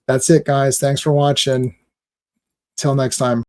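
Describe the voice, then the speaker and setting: A man's voice: mid-range voice, level tone, a little slow, a little mellow. A man giving casual reaction commentary on a movie trailer, rambling and exasperated with lots of fillers.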